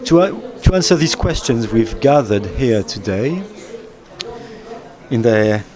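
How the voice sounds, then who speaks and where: A man whose first language is French delivers a formal opening speech in English. He speaks with a French accent, hesitating and restarting, at a middle pitch for a man. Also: darkish tone. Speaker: government minister.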